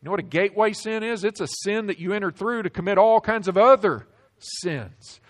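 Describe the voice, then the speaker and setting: Emphatic male preacher with a higher voice. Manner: emphatic preaching, slowing and dropping low on key words. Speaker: pastor. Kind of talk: sermon.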